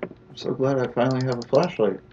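A man's voice: medium pitch, steady tone, brisk, mellow, highs cut off, slight background noise. A man hosting a let's play, joking and talking to the game as he plays. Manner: jokey, talks to the game. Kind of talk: gameplay commentary.

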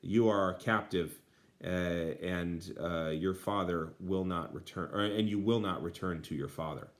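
A man voicing a menacing bandit while reading a translation aloud, with pauses. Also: low voice. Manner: read aloud with pauses, slow in places. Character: menacing male bandit, threatening a boy.

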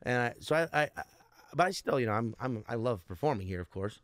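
Male comedian guest, mid-pitched, rambling and profane, dry close sound. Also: lively intonation, fast talker, no room sound. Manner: rambling, profane, restarts a lot. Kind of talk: casual podcast interview.

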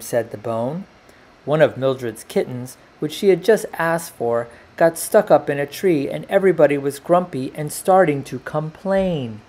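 Slow, unhurried man reading a storybook. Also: fairly high pitch. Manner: slow, lively character voices in dialogue. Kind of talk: reading a children's picture book aloud.

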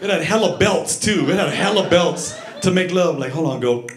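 A man's voice: a little high, animated, moderate pace, noisy background. A middle-aged man doing a chatty stand-up comedy set, riffing and teasing the crowd on a club stage. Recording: echoey club with audience. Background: crowd laughter.

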